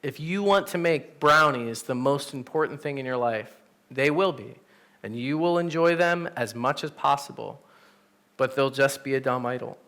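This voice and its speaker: A man, a pastor, teaching an adult Sunday class in a church room, telling stories in a casual, animated way. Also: medium pitch, moderate pace. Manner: animated, storytelling, conversational with fillers. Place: church classroom with teens present.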